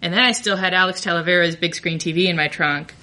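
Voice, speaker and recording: A woman's voice: on the low side, fast talker, pushed and bright, slight background noise. A young adult woman telling a candid, self-deprecating personal story, often laughing through her lines.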